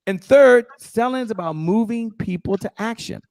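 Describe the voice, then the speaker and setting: A middle-aged man giving an energetic, emphatic motivational talk on sales as a guest speaker, repeating his key phrases. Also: high voice, moderate pace, dry recording, clean studio sound.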